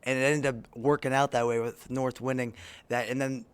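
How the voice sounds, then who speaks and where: A man with a hoarse voice co-hosting a sports podcast in a studio, recapping games play by play. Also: mid-range voice, level tone, normal speed. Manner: play-by-play recap, addresses co-host by name. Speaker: podcast co-host. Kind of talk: casual sports chat. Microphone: studio microphone.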